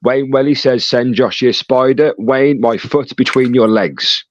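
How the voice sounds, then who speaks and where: A man hosting a live stream, reading chat messages aloud with quick joking asides. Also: medium pitch, a little hiss or hum. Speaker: livestream host reading chat. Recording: dull lo-fi dry sound.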